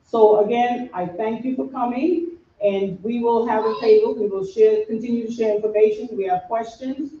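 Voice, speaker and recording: A woman from New York with a New York accent, an organization officer giving an earnest, measured address to a community audience. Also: fairly high pitch, steady tone, dark tone, slight background noise. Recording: echoey, dull room recording from far off.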